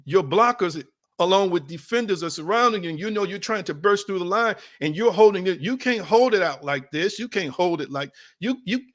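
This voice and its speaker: Emphatic preacher, repeating lines for effect. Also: male voice, high-pitched, expressive, brisk. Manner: conversational, addresses audience as y'all. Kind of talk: sermon.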